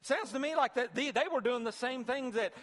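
A man's voice: very high-pitched, fairly quick, fairly bright tone, long reverb tail. A man preaching a sermon as pastor in a church sanctuary, talking in a conversational way with repeated phrases and sudden emphatic bursts.

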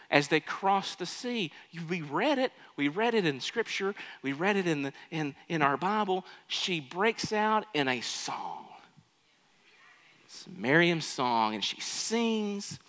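A man preaching a sermon, swinging between loud, pleading cries and quiet, conversational asides. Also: high voice. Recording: hall with long reverb.

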